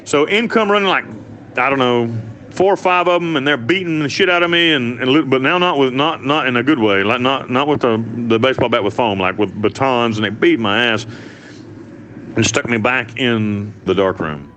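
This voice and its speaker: A man's voice: mid-range voice, normal speed, fairly bright tone. A man from the United States telling his story as an interview guest, blunt and profane, rambling with restarts. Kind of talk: candid storytelling.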